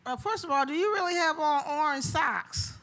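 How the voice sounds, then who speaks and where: A woman answers on a game show in a high, chatty voice. There is clear noise from the live venue around her. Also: lively intonation, normal speed, fairly bright tone. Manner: chatty, teasing, giggly. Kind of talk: casual answers on stage.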